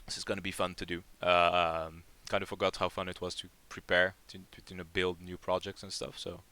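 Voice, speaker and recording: A man's voice: deep voice, little pitch movement, brisk, pushed and bright. A man hosting a live community Q&A, chatting casually and rambling with lots of fillers and restarts. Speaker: project lead hosting a community AMA.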